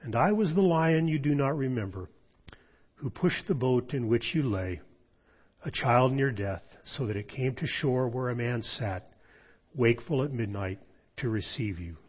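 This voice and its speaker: A man voicing a huge, ancient male lion who speaks slowly in a deep, hushed voice. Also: animated, husky. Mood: solemn. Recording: dull lo-fi sound.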